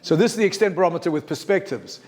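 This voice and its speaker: A man leading a workshop for student teachers in a lecture room, lively and emphatic, often asking the audience questions. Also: sits high, very fast. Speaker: teacher trainer. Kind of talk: workshop presentation.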